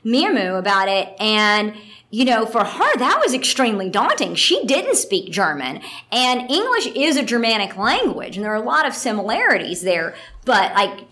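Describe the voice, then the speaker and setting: A woman voice actress telling stories in a casual interview, chatty and animated, with plenty of fillers. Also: medium pitch.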